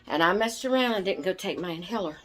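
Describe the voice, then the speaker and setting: A woman's voice: fairly low pitch, lively intonation, a bit bright. A woman chatting casually to camera as a vlogger, a little out of breath from asthma and easily sidetracked. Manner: slow, chatty, easily distracted. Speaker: doll channel vlogger.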